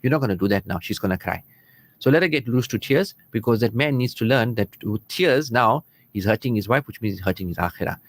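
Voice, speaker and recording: A man's voice: on the low side, lively intonation, fast. An earnest man counsels listeners on marriage over the radio. He talks in an easy, conversational way from a studio and slips readily into the voices of quarreling spouses. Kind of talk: radio advice talk.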